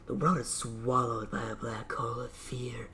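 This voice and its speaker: A man voicing a hushed, ominous male inner-voice narrator in a game let's-play, murmuring low and deadpan. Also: normal speed, background noise, lightly acted.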